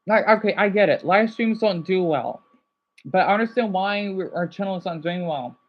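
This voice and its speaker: A man's voice: high-pitched, animated, highs cut off. A man livestreaming in a casual, rambling way, upset and burnt out, apologizing often between outbursts. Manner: agitated, rambling, quick to apologize.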